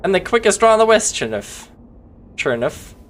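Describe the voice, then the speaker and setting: A streamer voicing a boastful cowboy gunslinger in a video game, using a quick western drawl. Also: mid-range voice, big pitch swings, a little hiss or hum, pitched above the performer's own voice, lightly acted. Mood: swaggering. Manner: brisk western drawl, repeating phrases. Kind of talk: reading game character lines aloud on stream.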